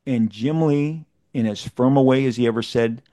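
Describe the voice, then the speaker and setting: A man in mid-range pitch tells a long story as an interview guest. He is animated and often trips over his words, restarting phrases and repeating himself as he pushes ahead. The recording is dry and close, with no room around it. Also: normal speed, no echo. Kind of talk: casual anecdotal storytelling.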